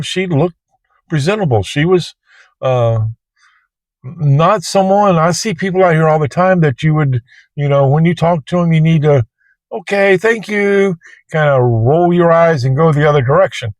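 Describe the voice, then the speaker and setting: Male vlogger, slightly high voice, plain-spoken and rambling, recorded dry in his car. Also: normal speed, a little mellow, no room sound. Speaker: Uber driver and vlogger. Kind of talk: casual storytelling to camera. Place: inside a parked car.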